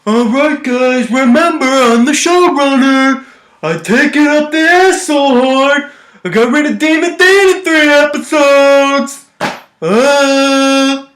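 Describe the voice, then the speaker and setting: A man's voice: extremely high pitch, fairly bright tone, roomy sound, pitched above the performer's own voice, exaggerated voice. A man voicing a smug, clueless male TV showrunner in a mocking way. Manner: mocking, self-satisfied.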